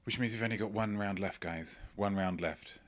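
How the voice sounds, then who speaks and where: A man's voice: on the low side, moderate pace. Playful rambling man hosting a quiz. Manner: playful, rambling, jokey asides. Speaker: quiz host. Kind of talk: live-streamed quiz hosting, reading chat. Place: at home, indoors.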